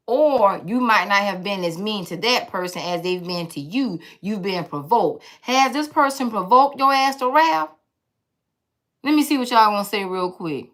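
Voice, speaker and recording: A woman's voice: mid-range voice, fairly bright tone. A woman giving a blunt, sassy tarot reading to her viewers, talking in a teasing, profane way. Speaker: tarot reader.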